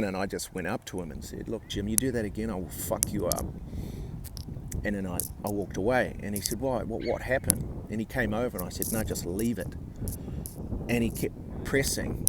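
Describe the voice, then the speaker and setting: Low-voiced man telling a blunt story. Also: background noise. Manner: blunt, sweary, halting with restarts. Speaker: vlogger. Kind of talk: candid personal storytelling.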